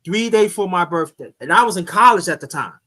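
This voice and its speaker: Host, male, high bright voice, rambling chatty storyteller who restarts his sentences. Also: animated, brisk. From New York. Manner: rambling, repeats himself, restarts often. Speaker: YouTube channel host. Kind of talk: casual storytelling on a live chat.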